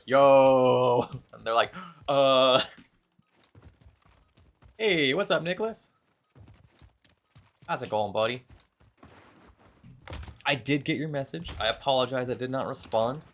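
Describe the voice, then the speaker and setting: A man's voice: fairly low pitch, a bit bright, slight background noise. A man streaming games live, chatting casually with friends and viewers, swearing freely and laughing often. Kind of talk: casual gaming chat.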